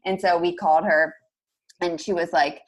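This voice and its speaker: A young woman telling a story as a podcast guest, in a rapid, casual way full of fillers like "like". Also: on the low side, fairly even intonation. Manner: rapid, filler-heavy, peppered with "like".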